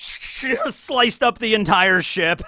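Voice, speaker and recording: A man talking casually as a YouTuber about an anime special. He is excitable, rambling, and full of fillers and tag questions. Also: a little high, moderate pace, clear, resonant tone, dry recording.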